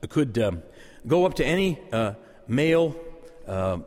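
A male pastor preaching a sermon in a church, lively and conversational, acting out quoted voices and chuckling now and then. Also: medium pitch, a little slow. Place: church sanctuary. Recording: long hall reverb.

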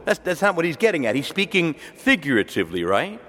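Animated male preacher in a reverberant hall. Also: fairly high pitch, quick pace, a little hiss or hum. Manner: animated, conversational storytelling with quoted dialogue. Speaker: Catholic preacher. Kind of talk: sermon.

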